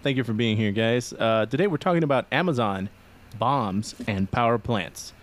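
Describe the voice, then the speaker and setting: A man's voice: medium pitch, moderate pace. A man hosting a podcast, casually introducing and explaining topics. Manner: relaxed, talks through topics with fillers and laughs. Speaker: podcast host.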